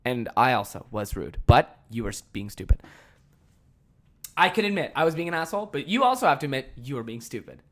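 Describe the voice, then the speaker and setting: A man's voice: medium pitch, very animated, brisk. Profane, heated man ranting on a podcast. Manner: profane, heated storytelling with big swings in loudness; self-deprecating, laughs at himself. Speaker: podcast host. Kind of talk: casual ranting monologue.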